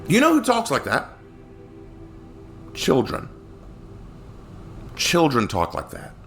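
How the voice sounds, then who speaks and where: A man teaching a casual Bible study, expressive and acting out quoted lines in character voices. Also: on the high side, slow pace, vocal fry, soft background music.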